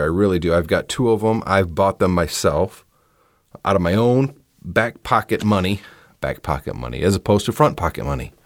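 A man's voice: sits low, no echo, studio quality. A man hosting a podcast, talking casually and giving his opinions, often restarting his sentences. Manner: chatty and opinionated, with frequent restarts. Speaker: podcast host. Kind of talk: casual solo podcast talk.

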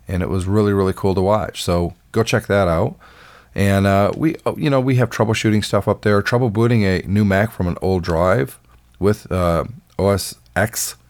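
A man hosting a casual tech podcast, chatty and enthusiastic, with a voice that sounds a little rough and off today. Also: low voice. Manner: chatty and enthusiastic, with filler words. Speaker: podcast host.

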